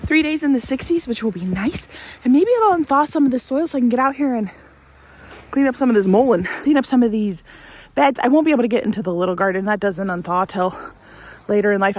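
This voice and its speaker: A woman's voice: on the high side, darkish tone. A woman in her thirties vlogging casually from her snowy homestead, rambling and self-deprecating, with a cold. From Central Oregon. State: has a cold, out of breath from trudging through snow. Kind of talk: casual vlog narration. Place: outdoors on a snowy homestead and greenhouse.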